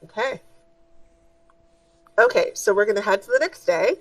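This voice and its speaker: A woman narrating as game master of a tabletop game in a relaxed way, with many fillers. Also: mid-range voice, normal speed, no echo, recorded from a distance, low-quality recording.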